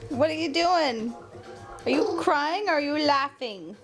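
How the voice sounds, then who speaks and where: A woman's voice: high-pitched, lively intonation, measured pace, over music. A mother filming at home, coaxing and teasing her young son and the family dog in a playful sing-song way. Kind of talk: casual home video. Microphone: handheld camera.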